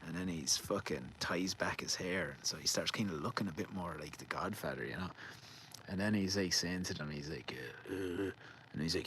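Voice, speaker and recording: An Irish man with a very low voice rambles through a casual, sweary story in a garden. He laughs easily and trips over names as he goes. There is a faint outdoor hum behind him. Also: fairly quick, bright, forceful tone, poor audio. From Ireland. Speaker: vlogger.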